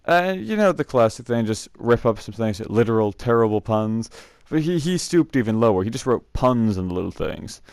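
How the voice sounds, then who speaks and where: A man's voice: mid-range voice, sing-song, moderate pace, few pauses, darkish tone, no echo, studio quality. A young man casually telling rambling camp stories, laughing often and filling gaps with "uh". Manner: rambling, laughs often, many fillers and restarts. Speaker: scout camp storyteller. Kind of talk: casual storytelling vlog.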